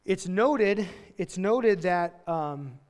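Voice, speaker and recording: Speaking very slowly, this high-voiced pastor delivers a sermon to his congregation in the sanctuary, animated and casual as he takes on each character's voice. His words echo with a long reverb, like sound filling a large church.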